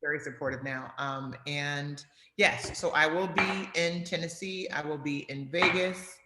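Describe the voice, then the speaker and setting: A woman's voice: low-pitched, unhurried, pushed and bright, a little hiss or hum. Emphatic woman in a roomy room. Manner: emphatic, repeats key phrases for effect. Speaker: guest. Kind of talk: casual video interview. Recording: roomy echoey sound.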